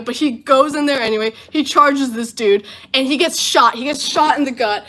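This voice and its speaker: Running on little sleep, this woman in her twenties hosts a home livestream and casually recaps a film. Her voice sits high and keeps a normal speed with few pauses, and her animated storytelling is peppered with voiced asides.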